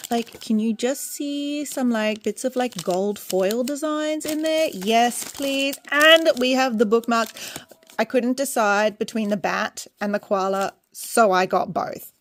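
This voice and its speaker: A young Australian woman gushes through an unboxing vlog in a bright, slightly high voice. Her talk is chatty and excitable. Faint noise sits under her voice. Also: unhurried. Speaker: small business owner. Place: home indoors, rain and roosters outside.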